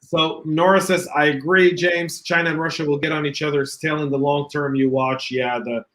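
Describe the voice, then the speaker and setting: A man co-hosting a casual online show, reading out viewer comments and giving quick, opinionated takes with a joking edge. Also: a little high, fairly even intonation, fairly bright tone, low-quality recording. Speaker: podcast co-host.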